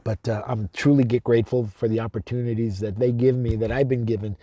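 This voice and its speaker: Teary-eyed before his self-filmed camera, a shamanic drum healer offers a slow, repetitive spiritual talk full of chanted invocations, streamed live and heartfelt. He has a warm, steady, mid-range voice, recorded dry.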